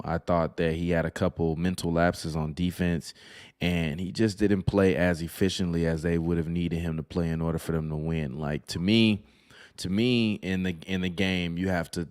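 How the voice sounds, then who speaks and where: A man with a raspy voice hosting a live basketball podcast, breaking down matchups in casual talk. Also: deep voice, a little mellow. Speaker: podcast host.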